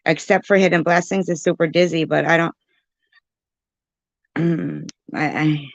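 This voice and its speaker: A woman's voice: sits low, fairly even intonation, a little slow, gravelly, dry recording, lo-fi sound. A woman hosting a casual livestream, reading the live chat aloud, confused and pleading with her chatters, often laughing. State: dry mouth.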